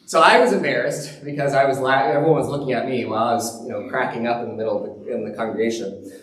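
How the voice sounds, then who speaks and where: A male pastor giving a sermon in a relaxed, conversational storytelling way, with chuckles along the way. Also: medium pitch, fast. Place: church sanctuary. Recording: roomy church sound from a distance.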